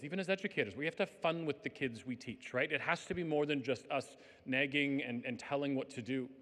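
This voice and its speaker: A man's voice: medium pitch, fairly bright tone. A man in his fifties giving a conversational conference talk, often saying "like" and acting out quotes. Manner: conversational, peppered with "like", acts out quotes. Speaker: conference speaker. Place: conference hall. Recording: reverberant hall.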